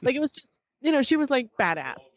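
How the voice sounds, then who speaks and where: A woman guest on a podcast, telling a story in casual chat, animated and swearing freely as she acts out what others said. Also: high voice, fast, dry recording, highs cut off.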